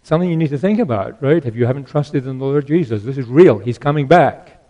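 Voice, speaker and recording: Older male preacher, earnest and mellow. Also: medium pitch, expressive, fast. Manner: earnest, repeats key phrases for emphasis. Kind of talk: sermon.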